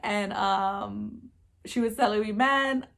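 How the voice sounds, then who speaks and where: A woman's voice: mid-range voice, moderate pace, fairly bright tone. A young woman chatting casually in a storytime vlog, laughing easily and filling her talk with "like" and "um". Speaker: vlogger.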